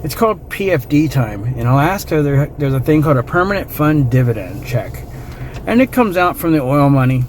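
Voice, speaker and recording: A middle-aged man telling a true personal story in a casual, rambling way, getting emotional and trailing off into quiet asides. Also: a little high, sing-song, brisk, slight background noise.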